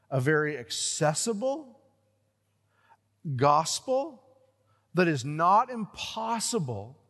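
A pastor preaching a sermon, with lively swings between loud emphatic lines and hushed, low ones. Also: male voice, long reverb tail.

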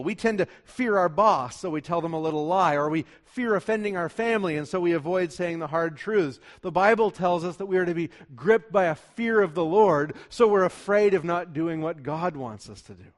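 A male pastor delivering a sermon with real passion, his voice sitting a little above the usual male range. He drops to near whispers for tender appeals, then rises sharply to drive home his points. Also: high voice. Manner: impassioned preaching, swinging between hushed pleading and loud emphasis.

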